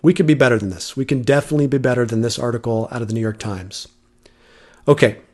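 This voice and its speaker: A man's voice: mid-range voice, fast, a little mellow. A man hosting a solo commentary podcast, arguing his point with rhetorical questions and frequent restarts. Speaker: podcast host.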